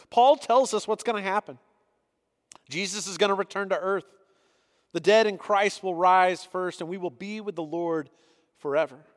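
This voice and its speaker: A man's voice: sits high, a bit bright, in a large hall. A man preaching a sermon as pastor, reading scripture passages aloud and then explaining them earnestly.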